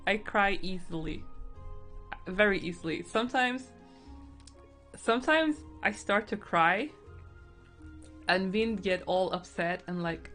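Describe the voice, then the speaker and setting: A woman streaming her painting, casually chatting with viewers in a voice of middling pitch. She sounds teary and openly emotional, often giggling between thoughts. Faint background music runs under her talk. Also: animated, measured pace, pauses often, fairly bright tone. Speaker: art streamer painting live. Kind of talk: casual live-stream chat.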